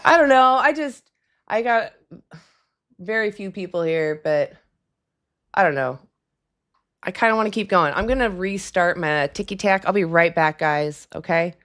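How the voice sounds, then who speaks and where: A woman's voice: lowish voice, animated, unhurried, long pauses, fairly bright tone. A woman hosting a casual live stream at her desk at home, rambling with lots of fillers and chatty asides.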